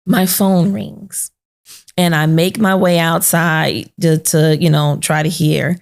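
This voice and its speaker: A woman's voice: low voice, steady tone, slow, gravelly. A woman hosting a podcast, telling an emotional personal story and acting out the voices of the people in it. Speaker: podcast host. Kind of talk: sit-down podcast conversation.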